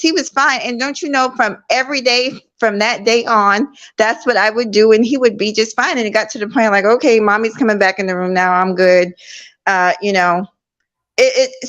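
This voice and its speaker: A middle-aged woman talking over a laptop call, earnest and telling a story in a lively way. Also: on the high side. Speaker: guest. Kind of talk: casual conversation. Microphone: laptop online call.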